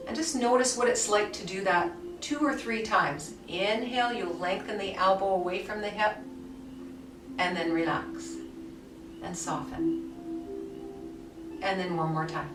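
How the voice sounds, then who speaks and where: A woman yoga teacher guiding a somatic movement class with soft, soothing cues. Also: medium pitch, unhurried, long pauses. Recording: echoey room, mic far off, faint music.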